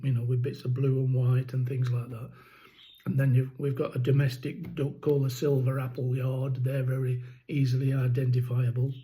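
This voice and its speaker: Low-quality audio captures a poultry keeper vlogging in a relaxed, rambling way, with plenty of ums, restarts and a rattle in his throat. His voice is mid-range and mellow.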